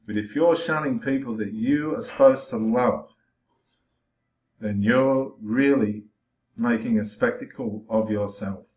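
A man's voice: medium pitch, a little slow, darkish tone. A man preaching with passion to the camera, confronting and challenging his listeners directly. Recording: roomy echo.

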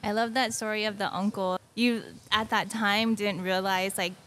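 A woman's voice: medium pitch, fairly even intonation, moderate pace, a bit bright, slight background noise. A woman hosting a podcast interview, giving encouraging reactions and asking follow-up questions. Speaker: podcast host. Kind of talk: casual interview chat.

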